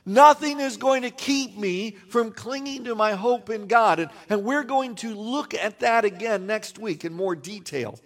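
A man's voice: high-pitched, a little slow, few pauses. A man preaching a sermon as a pastor, earnest and emphatic, with wry self-deprecating asides.

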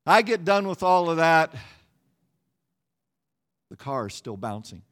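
A middle-aged pastor with a fairly high voice delivers a sermon, speaking a little slowly. He tells his story at a lively pace, poking fun at himself along the way.

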